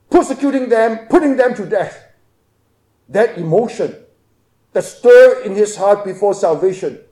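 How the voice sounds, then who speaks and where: A man delivers an expository sermon in a high, mellow voice. He is emphatic, swinging from loud stresses to hushed asides. The room adds a noticeable echo. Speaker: preacher.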